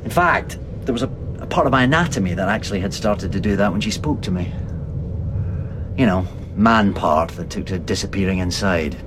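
A man's voice: low-pitched, a little fast, background noise. A man playing an exasperated father in a comedy drama, talking dryly. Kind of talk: sitcom acting.

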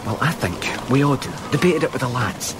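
A man's voice: medium pitch, animated, moderate pace, background noise, natural voice. A man playing an uneasy young royal guard who talks deferentially and nervously to his officer. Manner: deferential, nervous, keeps saying sir. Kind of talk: radio drama acting.

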